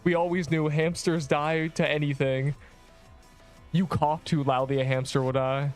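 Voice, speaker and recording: Male game streamer, slightly high voice, excitable and rambling, quick laughs. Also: clean tone, soft background music. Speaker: livestreamer. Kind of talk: gameplay livestream commentary.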